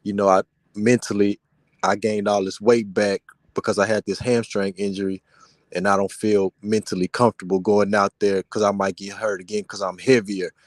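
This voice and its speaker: A man's voice: fairly low pitch, little pitch movement, moderate pace, no echo. A man in a casual basketball chat, laid-back and slangy, calling people bro.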